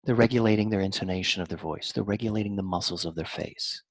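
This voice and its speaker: A man speaking as a therapist guest, explaining in an animated, teacherly way and shifting his intonation on purpose. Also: low-pitched, quick pace, slightly rough. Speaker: mind-body therapist guest. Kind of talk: explanatory interview talk.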